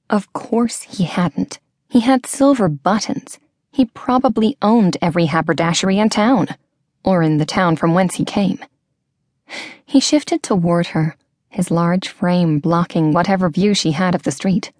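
A woman narrating a story in a measured, expressive reading voice on a close microphone. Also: medium pitch, dry recording. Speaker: audiobook narrator. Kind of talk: scripted narration.

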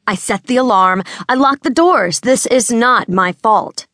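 A woman's voice: on the high side, unhurried, a bit bright, no room sound, studio quality, pitched above the performer's own voice. A woman voicing a laid-back young man who turns defensive and indignant in an audiobook. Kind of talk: audiobook character voice.

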